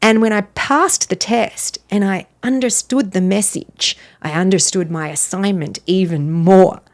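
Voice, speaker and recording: A middle-aged woman speaks as a podcast guest, recounting her life in an earnest, animated way. Her pitch sits in an ordinary middle range for a woman. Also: measured pace. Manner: earnest, animated, laughs between phrases. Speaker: podcast guest, wellness author. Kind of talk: personal storytelling in conversation.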